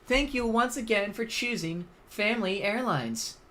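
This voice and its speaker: A streamer putting on the voice of a polite airline gate announcer, giving formal, measured announcements. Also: medium pitch, sharp tone, voice pushed up. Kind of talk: mock airport announcement.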